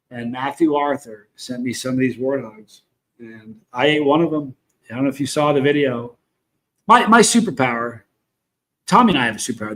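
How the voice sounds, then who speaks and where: A man's voice: mid-range voice, a bit bright. A middle-aged man with a Southern US accent, hosting a casual livestream, talking frankly and rambling while greeting viewers in the chat. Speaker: livestream host.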